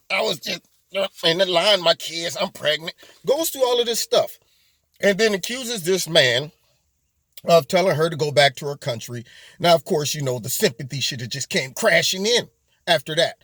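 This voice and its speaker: The host of a political commentary channel delivers a mocking, emphatic monologue that wanders into rambling asides. His voice is a little high with a fairly bright tone, recorded with no echo.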